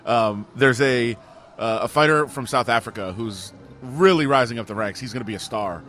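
Male sports radio co-host, mid pitch, excitable and laughing. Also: normal speed, faint music behind. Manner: excitable, laughs often, storytelling. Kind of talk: casual sports talk.

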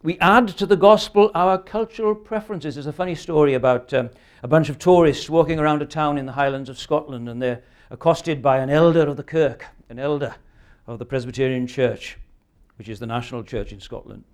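A man's voice: a little high, fairly quick, hardly any pauses. A man in his sixties preaching a sermon, earnest and emphatic, often ending points with rhetorical questions. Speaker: pastor.

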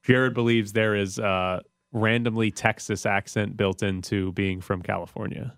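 A man's voice: on the low side, steady tone, measured pace, smooth, no room sound, clean studio sound. Teasing male sports radio host. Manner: wry, teasing, argumentative. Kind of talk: casual sports radio banter. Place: radio studio. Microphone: studio mic.

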